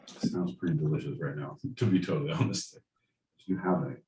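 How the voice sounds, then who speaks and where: A man with a very low voice rambles through casual podcast chat, swearing freely and filling his talk with "like" and "man". He sounds set back from the mic in an echoey room, with a faint hum of noise behind him. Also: steady tone, fairly quick, a little mellow, far from the mic. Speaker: podcast co-host.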